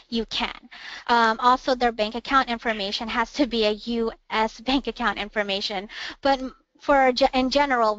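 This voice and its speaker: Woman giving a patient software demo. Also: on the high side, no room sound. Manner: patient, instructive, narrates each click. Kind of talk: step-by-step webinar software walkthrough. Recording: dull, dry, lo-fi webinar audio.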